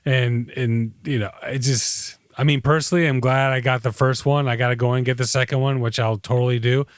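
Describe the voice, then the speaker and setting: A man's voice: mid-range voice, steady tone, brisk, clear, resonant tone, no echo, studio quality. A man in his thirties co-hosting a podcast in casual chat, telling rambling stories with lots of fillers. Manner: rambling storyteller, frequent fillers. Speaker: podcast co-host.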